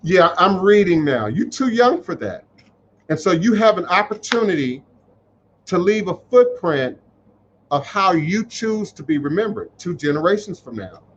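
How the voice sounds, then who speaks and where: A man speaks to his live-stream viewers in a raised, fairly high voice, preachy and openly emotional. He repeats lines for weight as he answers their comments. The sound is dull and lo-fi, with a faint hiss underneath. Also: very animated, moderate pace. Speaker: spiritual teacher hosting a live stream. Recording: muffled livestream audio.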